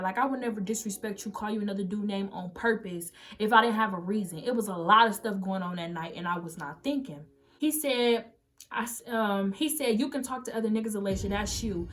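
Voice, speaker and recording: A young woman in her late teens telling a story-time vlog, animated and emphatic, acting out the quoted messages as she goes. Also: medium pitch. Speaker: vlogger.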